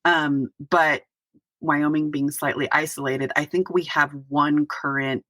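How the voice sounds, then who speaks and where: A middle-aged woman pastor, a podcast guest, speaking earnestly and reflectively, with pauses and restarts. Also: sits low, steady tone, bright, forceful tone, no echo. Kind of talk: podcast interview.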